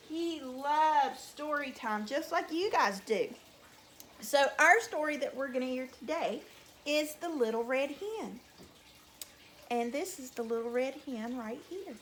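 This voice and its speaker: A woman reads a folk tale aloud to little children in a high, bright, sing-song voice that swoops up and down. She takes her time with every phrase. The telling is slow and animated throughout. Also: slight background noise. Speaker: teacher reading to children. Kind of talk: children's story time narration.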